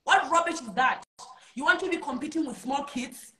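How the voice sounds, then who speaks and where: A woman's voice: high voice, moderate pace, bright, forceful tone. A woman ranting angrily and emphatically in a heated casual chat. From South Africa.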